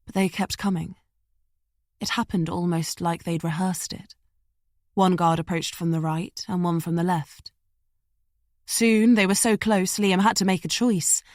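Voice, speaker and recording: A woman reading a suspense audiobook in steady, tense narration. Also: fairly low pitch, measured pace, long pauses, no echo, studio quality.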